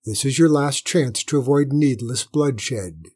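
A man's voice: mid-range voice, a little slow, a little mellow, lightly acted. A man voicing a stern, authoritative human space commander who speaks in clipped, commanding tones in a storybook reading.

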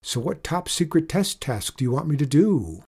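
A man voicing a curious, eager schoolgirl who asks excited questions in a storybook reading. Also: fairly high pitch, normal speed, slightly rough, voice pushed up, exaggerated voice. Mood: thoughtful.

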